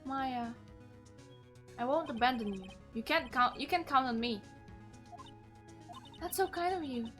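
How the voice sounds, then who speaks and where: A woman streamer reading game dialogue aloud, expressive and animated, with casual asides. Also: high-pitched, measured pace, pauses often, faint music behind.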